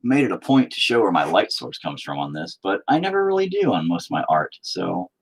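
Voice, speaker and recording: A man talks loosely to a live-stream audience while he works on a painting. He swears constantly and rambles from one joke to the next. His pitch swings widely, rising high and dropping low. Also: very animated, fairly quick, husky. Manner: profane, rambling, jokey. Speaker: streaming artist.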